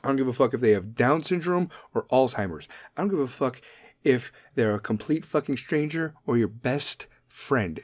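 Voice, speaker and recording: A man's voice: mid-range voice, darkish tone. A man hosting a podcast, a military veteran ranting bluntly with heavy swearing and laughing at his own jokes. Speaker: podcast host. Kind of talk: comedic rant.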